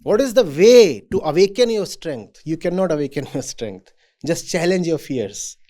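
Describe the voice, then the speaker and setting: A man giving a reflective talk to students as a spiritual teacher. He speaks in a deliberate, measured way. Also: on the high side, expressive, warm tone.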